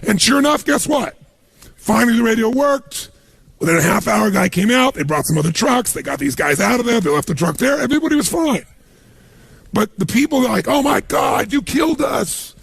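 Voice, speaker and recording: A man giving a motivational seminar talk to a live audience, telling stories with punchy, animated emphasis and a gravelly, raspy voice. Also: sits high, a little fast, dry recording. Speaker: motivational speaker.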